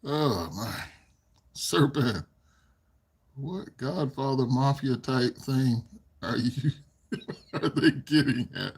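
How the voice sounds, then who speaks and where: A man's voice: medium pitch, animated, takes it slowly, pauses often, slightly rough. A man hosting a casual live stream, reading viewers' comments aloud, rambling and often chuckling as he talks. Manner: rambling, repeats himself. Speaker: channel host reading live chat.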